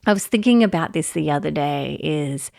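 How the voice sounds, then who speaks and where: Low, gravelly-voiced woman podcast host. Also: lively intonation, moderate pace, dry recording, clean studio sound. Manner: warm, gentle, reflective, laughs often. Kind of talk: solo podcast talk.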